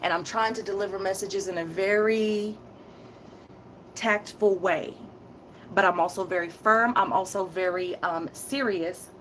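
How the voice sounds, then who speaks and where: A woman's voice: on the low side, a bit bright, slight background noise, poor audio. A woman giving a spoken tarot reading to her viewers, firm and emphatic, often repeating key phrases, with a heated, intense delivery and casual direct address. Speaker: tarot reader.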